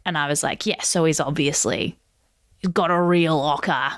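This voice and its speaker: A woman's voice: deep voice, fairly even intonation, moderate pace, no echo, clean studio sound. A woman actor and audiobook narrator chatting on a podcast, telling self-mocking stories and laughing often. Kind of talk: casual podcast chat.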